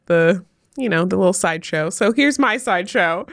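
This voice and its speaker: A woman's voice: medium pitch, animated, normal speed, dry recording. A woman co-hosting a casual comedic chat, self-mocking and playing up mock outrage. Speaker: podcast co-host, teacher.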